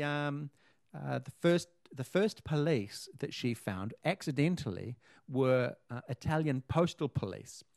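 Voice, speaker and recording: A man's voice: a little high, vocal fry, no echo, studio quality. A man, co-hosting a casual chat and rambling with lots of fillers and restarts. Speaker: podcast co-host.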